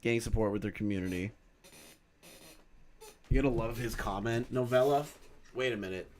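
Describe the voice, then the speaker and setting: A man commenting casually on a live stream, swearing often, reading documents aloud and breaking into loud exclamations. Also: medium pitch, normal speed, long pauses.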